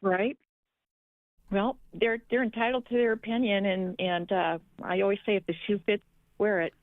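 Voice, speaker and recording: A woman's voice: mid-range voice, steady tone, normal speed, no echo. A woman calls in to a radio show over a tinny phone line, chatting in an agreeable, folksy way. The sound is dry and narrow. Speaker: caller. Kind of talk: call-in chat.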